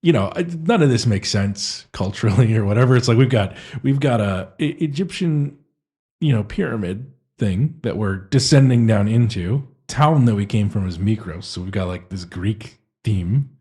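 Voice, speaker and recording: A man's voice: fairly low pitch, expressive, normal speed, darkish tone, breathy edge. A man co-hosting a casual tabletop-gaming chat, talking in a hesitant, self-deprecating way with many restarts. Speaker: podcast co-host and game master.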